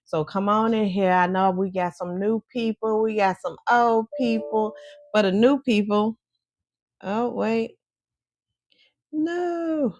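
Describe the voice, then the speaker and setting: A woman's voice: mid-range voice, steady tone, moderate pace, darkish tone, no echo. A woman vlog host with a Chicago accent and Mississippi roots, chatting casually and folksily to her viewers.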